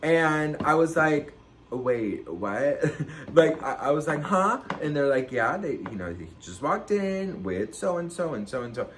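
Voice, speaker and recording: A man vlogging a storytime, dramatic and animated, with big jumps in pitch and loudness and a sassy, campy manner. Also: measured pace, background noise. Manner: campy, sassy, says "girl" and "okay" a lot. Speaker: celebrity gossip vlogger. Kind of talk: casual storytime chat.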